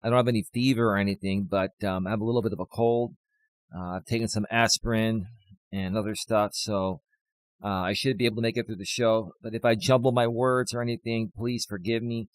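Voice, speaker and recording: A man hosting a life coaching live stream, speaking with a slight cold and a little out of breath, repeating his main points slowly for emphasis. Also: lowish voice, fairly even intonation, dry recording. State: has a cold, a bit out of breath.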